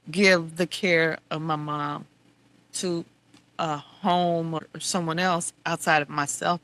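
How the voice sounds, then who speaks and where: A middle-aged woman hosting a podcast shares a candid personal story in a lowish voice. She is heartfelt and wry, shifting between quiet reflection and exasperated venting.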